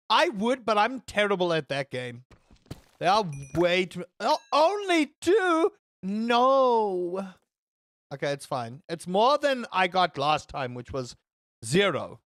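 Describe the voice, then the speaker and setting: Chatty male gaming streamer, bright voice. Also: a little high, dry recording, clean studio sound. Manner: chatty, joking, swears freely. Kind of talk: casual game commentary.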